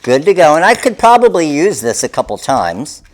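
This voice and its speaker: A man's voice: a little high, very animated, normal speed. A man hosting a live craft tutorial, talking viewers through each step in an upbeat way. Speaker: craft demonstrator.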